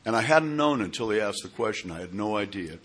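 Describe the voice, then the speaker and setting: A man telling his own recovery story to a group, in a halting way with repeated words and many fillers. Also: fairly low pitch, animated, fairly bright tone. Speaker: speaker sharing at a recovery meeting.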